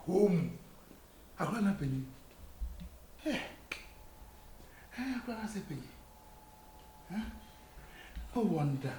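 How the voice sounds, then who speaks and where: Loud excited man in echoey room. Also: high voice, slow, long pauses, recorded from a distance. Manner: loud excited mix of English and Twi. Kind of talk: comedy skit banter. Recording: echoey room, faint noise.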